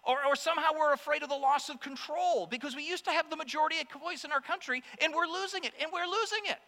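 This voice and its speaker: Guy preaching a sermon, really high bright voice, big reverby hall with some mains hum. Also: quick pace. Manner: impassioned preaching, rising to exclamations and dropping to hushed asides. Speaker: pastor.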